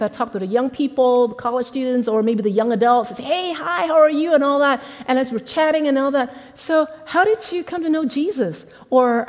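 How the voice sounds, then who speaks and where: High-voiced woman pastor preaching in a hall. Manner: conversational, animated, acts out quotes. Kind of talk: sermon.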